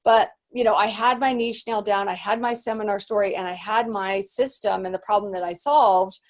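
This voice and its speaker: A woman business coach telling her story in an animated motivational talk, full of restarts and fillers. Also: medium pitch, a little fast. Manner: animated, acts out quoted voices; rambling with many restarts and fillers.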